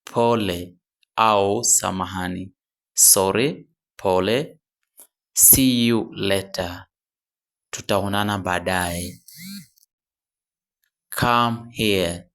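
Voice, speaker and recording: A low-voiced man teaching a beginner language lesson at an extremely unhurried pace. He says each short phrase slowly and often twice, then gives its translation. Now and then he stops to correct himself mid-phrase. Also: fairly bright tone. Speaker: English teacher.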